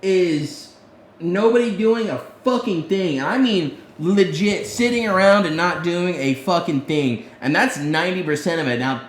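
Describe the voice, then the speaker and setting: A man co-hosting a podcast, telling stories in a casual, profane, animated way. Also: sits high, reverberant. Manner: profane, animated storyteller, heavy swearing. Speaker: podcast co-host. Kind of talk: casual storytelling chat.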